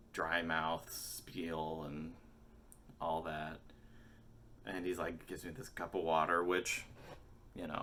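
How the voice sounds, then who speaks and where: A man's voice: sits low, sharp tone, a little hiss or hum. A man in his forties telling a rambling, profane, self-mocking story in a casual vlog. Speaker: musician and vlogger.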